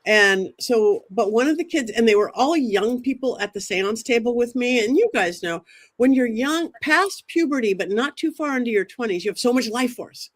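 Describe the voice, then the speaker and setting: A woman, a psychic medium as a guest, telling a dramatic story in an animated way and acting out what people said. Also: fairly high pitch, normal speed. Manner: excitable, quotes herself and others in dramatic asides.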